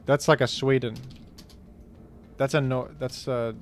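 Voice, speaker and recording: Animated man commentating a guessing game. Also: mid-range voice, unhurried, a little hiss or hum. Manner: animated, incredulous outbursts. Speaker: streamer. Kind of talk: casual gaming commentary.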